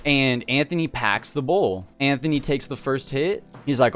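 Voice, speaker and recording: A man telling a personal story in a casual, animated way, full of slang. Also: mid-range voice, normal speed, faint music behind. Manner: slangy, animated and laid-back. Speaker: storyteller host.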